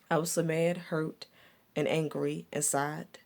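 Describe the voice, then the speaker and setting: A woman's voice: deep voice, little pitch movement, unhurried, darkish tone. A woman vlogger telling a personal story from her past in a reflective, repetitive way, with stumbling restarts. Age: adult looking back on her younger years.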